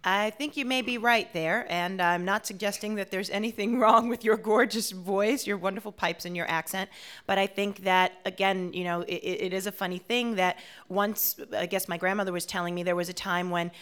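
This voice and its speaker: A woman from Washington, D.C., a performer being interviewed on the radio, who talks in an animated, chatty way. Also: medium pitch, normal speed, clear, resonant tone. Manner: animated, talkative, with frequent "you know" fillers. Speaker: performer and guest.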